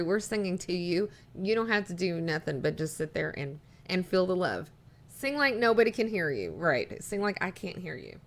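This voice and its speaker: Woman, live streamer, casual chat, rambling, reads messages aloud, mid-pitched voice.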